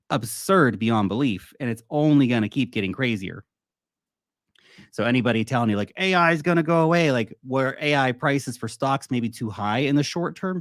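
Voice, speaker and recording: A man hosts his own crypto channel in a loose, conversational way, hopping from headline to headline with blunt opinions. His voice sits at a middling pitch, recorded close and dry with no room sound. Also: no room sound. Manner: chatty and off-the-cuff, with asides and quick laughs. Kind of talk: casual market commentary to camera.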